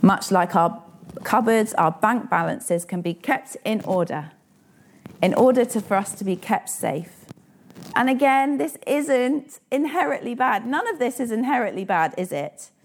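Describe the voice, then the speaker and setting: A woman's voice: a little high, expressive, a little slow, slight background noise. A woman in her thirties preaching a sermon in an earnest, personal way and asking the listeners direct questions.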